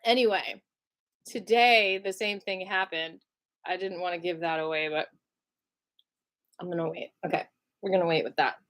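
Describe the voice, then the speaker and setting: A woman's voice: normal speed, long pauses. A young woman telling a personal story to camera in an emotional vlog, acting out the voices of the people in it. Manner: animated, acts out other people's lines with big pitch jumps.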